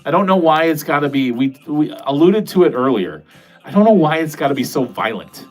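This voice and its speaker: A man's voice: fairly high pitch, animated, fairly quick, darkish tone. A man livestreaming from his basement, chatting casually and answering viewer comments in a rambling, cursing, self-mocking way. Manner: rambling, profane, self-deprecating. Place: home basement.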